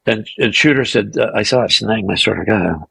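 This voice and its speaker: A man as a podcast guest, telling animated anecdotes and acting out the dialogue of others, sometimes profane and self-mocking. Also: on the low side, fairly quick, vocal fry, breathy edge, poor audio. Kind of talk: casual storytelling interview.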